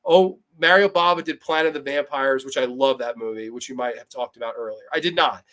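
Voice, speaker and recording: A young man hosting a livestream film review, reading chat comments and ranking films in blunt, profane, animated talk. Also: mid-range voice, brisk. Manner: blunt, profane, animated, laughs often, mocks characters in put-on voices. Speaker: host.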